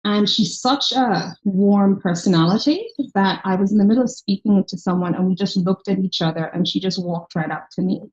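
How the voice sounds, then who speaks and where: A woman from Ireland, a startup founder speaking as a guest in a conversational interview and telling her story in an animated way. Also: medium pitch, moderate pace, hardly any pauses. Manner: animated storyteller who acts out quoted people. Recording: slightly dull lo-fi recording.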